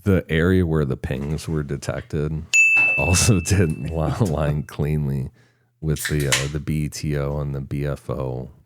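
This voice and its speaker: A man's voice: rumbling low, fairly even intonation, measured pace, heavy background noise. A man co-hosting a casual podcast, reading from research notes and chuckling now and then. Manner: reads notes in long stretches, breaking into chuckles. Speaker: podcast co-host.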